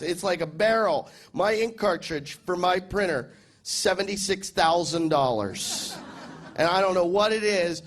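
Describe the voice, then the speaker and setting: An American man performing a stand-up comedy set, sarcastic and deadpan, mock-outraged when quoting people. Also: high voice. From United States. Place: large comedy festival stage with cheering audience.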